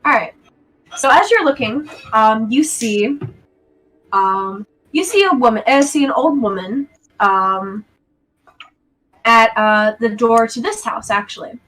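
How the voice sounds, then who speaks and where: Game master, woman, hesitant and giggly narration, higher pitch. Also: expressive, slow, long pauses, fairly bright tone, low-quality recording. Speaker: dungeon master.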